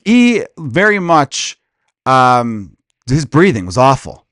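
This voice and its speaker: A man hosting a comedy podcast, ranting casually in a crude, profane, animated way and slipping into quick impressions. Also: medium pitch, no echo, clean studio sound.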